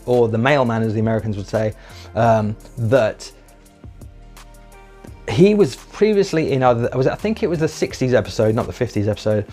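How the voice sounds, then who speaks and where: A man's voice: medium pitch, darkish tone. Chatty man reviewing an episode. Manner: chatty, enthusiastic, acts out scenes in quick put-on voices; swears casually. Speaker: video reviewer. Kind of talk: casual spoken review.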